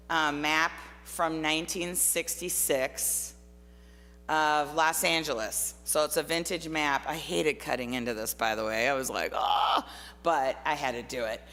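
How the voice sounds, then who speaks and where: Woman, artist talk, bright voice, conversational, lots of fillers, long hall reverb. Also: low voice. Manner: conversational, many fillers, personal storytelling. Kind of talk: informal presentation of artwork. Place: church forum room.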